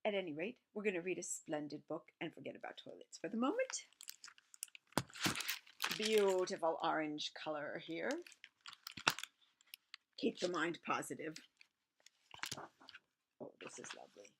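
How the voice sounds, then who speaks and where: A woman's voice: low-pitched, expressive, unhurried, pauses often, noisy background. A middle-aged woman reading a picture book aloud, chatting and musing between lines and playing the animal sounds. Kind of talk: casual read-aloud with asides.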